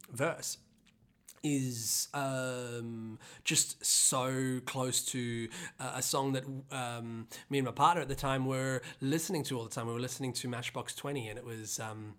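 Songwriter podcast host rambling about a song, lots of ums and likes, voice jumps way up when worked up, soft guitar behind. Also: fairly even intonation, normal speed. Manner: rambling, heavy with fillers and restarts; pitch leaps up sharply when reliving anger. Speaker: singer-songwriter hosting a podcast. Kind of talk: casual storytelling about songwriting.

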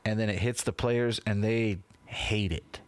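A man's voice: on the low side, steady tone, unhurried, clean tone, no echo. A man co-hosting a podcast in casual chat, telling stories in a laid-back way with frequent swearing and calls of "man" and "dude". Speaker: podcast co-host.

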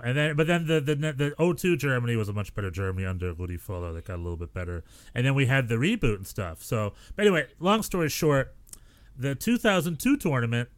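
A man's voice: medium pitch, no room sound. A man from the United States, a podcast co-host telling stories in casual chat and acting out quotes with energy. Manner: animated storyteller, acts out quotes.

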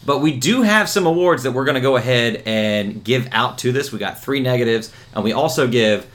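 A man's voice: medium pitch, expressive, a little fast, fairly bright tone. A young man co-hosting a comic book podcast, joking around and mimicking characters. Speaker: podcast co-host. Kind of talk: casual comic book review chat.

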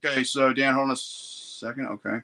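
A man hosting a podcast talks in a loose, meandering way, padding every thought with filler words. His voice has a bright, forceful edge at a middle pitch. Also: steady tone, brisk. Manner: meandering, full of "you know" fillers. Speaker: podcast host. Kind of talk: casual chat.

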